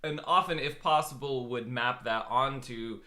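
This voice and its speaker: A man in his thirties who works as a business growth consultant, co-hosting a casual live stream in a relaxed, steady way. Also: mid-range voice, a little slow. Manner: relaxed, laughs easily, explains steadily.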